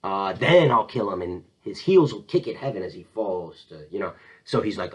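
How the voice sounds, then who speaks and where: A man's voice: sits low, normal speed, slightly rough, poor audio. A man giving a casual literature lecture, explaining scenes and acting out quoted lines in shifting voices. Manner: animated, acts out quoted lines in changing voices. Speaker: teacher.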